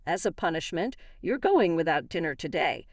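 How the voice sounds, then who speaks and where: A woman's voice: on the low side, sing-song, normal speed, no echo, studio quality. A woman voicing an angry husband who always sides with his mother, speaking in an accusing, bossy way.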